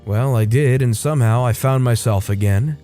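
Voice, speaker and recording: A man reading a first-person story aloud in scripted storytime narration, measured and expressive. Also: medium pitch. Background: faint background music.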